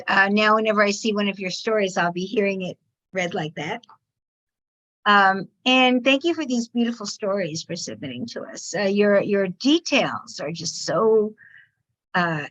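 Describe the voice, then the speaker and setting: Woman hosting a reading, halting. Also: medium pitch, poor audio. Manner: warm, halting, with many fillers. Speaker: host of a reading series. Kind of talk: casual hosting and introductions.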